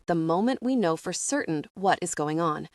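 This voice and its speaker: A woman reading a calm, firm, commanding woman. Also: on the low side, normal speed, no room sound, studio quality. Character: calm, firm older-sister type woman.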